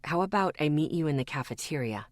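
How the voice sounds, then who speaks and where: Woman voicing a half-asleep young man, low and soft, drowsy. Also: lively intonation, fast talker, no room sound. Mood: sleepy. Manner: sleepy, mumbling.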